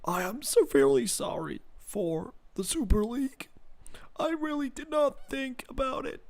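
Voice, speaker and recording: A man's voice: very high-pitched, animated, measured pace, gravelly, voice pushed up, exaggerated voice. A man doing an impression of an American team owner giving a stilted, over-earnest apology. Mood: sheepish.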